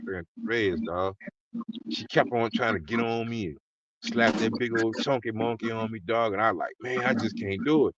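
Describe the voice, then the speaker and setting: A man's voice: fairly low pitch, moderate pace, a crowd in the background. Muffled profane male storyteller. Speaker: podcast host. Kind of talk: casual chat. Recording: muffled with clear background noise.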